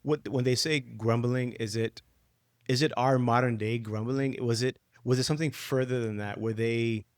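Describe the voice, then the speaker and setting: A married man co-hosting a Bible discussion, speaking candidly with many halting restarts. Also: medium pitch, steady tone, no echo, studio quality. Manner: candid, halting, self-correcting. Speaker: podcast co-host.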